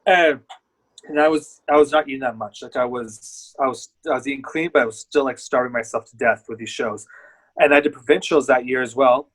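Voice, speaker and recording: A man's voice: medium pitch, fairly quick, a bit bright, low-quality recording. A man guest, a bodybuilder, telling his story in candid, rambling casual chat.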